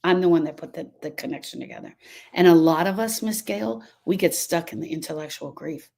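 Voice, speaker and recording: This grief coach talks fairly quickly in a low, creaky, mellow voice, replying to live stream viewers by name. Her style is emphatic and repetitive, and she often goes off on sidetracks.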